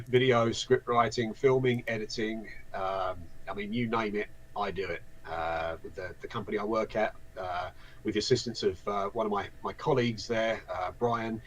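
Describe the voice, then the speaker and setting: A man's voice: on the low side, muffled recording, a little hiss or hum. A man in his forties with an Essex accent, talking casually as an interview guest, rambling with lots of restarts and self-deprecating asides. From southeast England. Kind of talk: casual live-stream chat.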